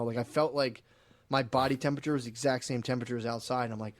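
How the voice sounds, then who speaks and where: Fast-talking man telling rambling stories. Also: medium pitch, fairly even intonation. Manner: rambling storyteller, acts out his own quotes. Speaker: podcast co-host. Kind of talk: casual podcast chat.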